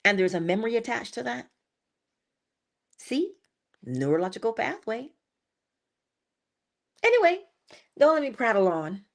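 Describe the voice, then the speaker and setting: Animated woman hosting a lively livestream. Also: unhurried, vocal fry, pauses often. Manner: animated and playful, with sudden high exclamations and soft asides. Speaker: livestream host. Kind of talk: inspirational livestream talk.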